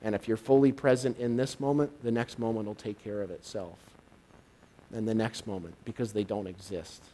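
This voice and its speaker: A male minister giving a live sermon, swinging from hushed and intimate to loud and excited. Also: fairly low pitch, moderate pace, a little hiss or hum. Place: church service, live.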